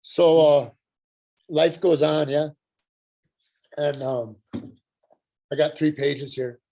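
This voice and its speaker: A middle-aged man telling his personal recovery story at a workshop, earnest and halting, with frequent pauses and restarts. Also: on the high side, fairly even intonation, warm tone. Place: Santa Fe.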